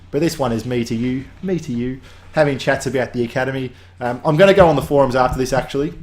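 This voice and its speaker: A man's voice: medium pitch, darkish tone. A man hosting a weekly game update, talking casually in a rambling way that drifts off on tangents and restarts often.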